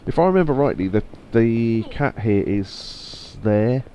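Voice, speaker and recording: A man's voice: mid-range voice, lively intonation, unhurried, mellow, slight background noise. A man streaming a game live, chatting and rambling with a self-amused manner. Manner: rambling, self-amused, reads all the game's dialogue. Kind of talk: live let's play commentary.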